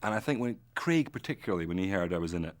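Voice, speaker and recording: A man's voice: deep voice, lively intonation, racing. A man, an actor, telling self-mocking, joking anecdotes in an interview.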